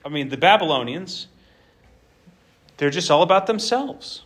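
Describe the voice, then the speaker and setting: A man preaching an expository sermon in an animated, conversational way, acting out the scripture. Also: on the high side, a little slow.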